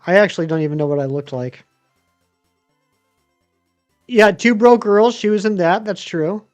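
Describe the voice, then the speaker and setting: High-voiced chatty man streaming. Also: normal speed, smooth, faint music behind. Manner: rambling, chatty, many ums and uhs. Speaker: game streamer. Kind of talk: casual live-stream chat answering viewers.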